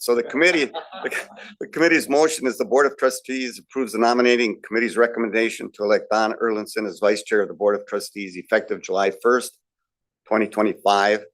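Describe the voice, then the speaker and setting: A man's voice: on the low side, fairly even intonation, fairly quick, a bit bright. A man, a trustee on the nominating committee, presenting a formal motion in a hesitant way with a dry joke.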